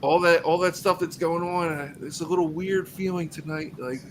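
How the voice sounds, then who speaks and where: A man's voice: fairly high pitch, moderate pace, a little hiss or hum, low-quality recording. A man co-hosting a football podcast, talking loosely in casual sports chat with plenty of fillers. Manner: animated, loose, lots of fillers. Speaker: podcast co-host.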